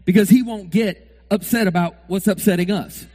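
A middle-aged man preaching a sermon, acting out sports fans yelling at the TV. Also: sits high, normal speed. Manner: animated, acts out fans shouting at the TV.

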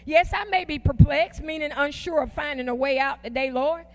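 A woman preaching a sermon in a church, with call-and-response and slow, drawn-out emphatic phrases. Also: sits high. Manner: folksy, uses "ain't" and "y'all".

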